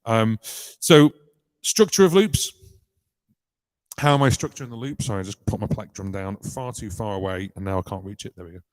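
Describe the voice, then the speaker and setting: A man's voice: on the low side, moderate pace, no echo. A British man hosting a casual live-stream tutorial on looping, talking in a chatty, rambling way with many ums and restarts. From United Kingdom. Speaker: loop musician and channel host. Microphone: vocal mic through a vocal effects unit.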